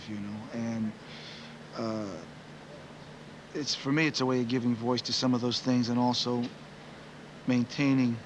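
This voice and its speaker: A man's voice: mid-range voice, dull audio, background noise. A man in his forties, a musician, giving rambling, reflective interview answers full of "you know" fillers.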